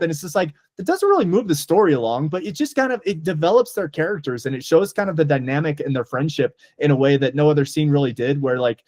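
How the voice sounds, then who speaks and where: Guy on a movie podcast, a bit high voiced, rambly and excited, dry close sound. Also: no echo. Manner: enthusiastic, rambling with many "like" fillers. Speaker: podcast co-host. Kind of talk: casual movie review chat.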